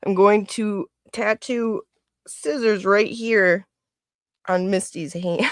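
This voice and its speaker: A woman's voice: medium pitch, slow pace, dry recording, clean studio sound. A woman hosting a casual livestream, chatting and laughing often as she greets viewers by name. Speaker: livestream host.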